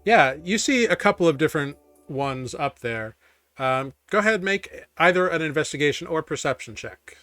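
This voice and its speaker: A man narrating as game master of a tabletop game, relaxed and casual. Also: fairly high pitch, normal speed, no echo, soft background music.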